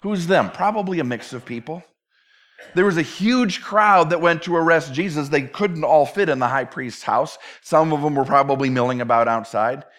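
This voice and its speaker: Conversational preacher with a fairly high voice. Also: male voice, moderate pace, a bit bright. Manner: conversational verse-by-verse teaching with playful acted asides. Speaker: pastor. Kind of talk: sermon.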